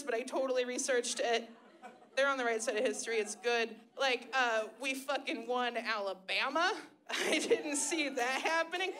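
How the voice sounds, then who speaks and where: Woman, stand-up comedian, high-pitched, sarcastic, crude, live stage set. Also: pushed and bright. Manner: sarcastic, profane, shrill put-on voices for quoted people.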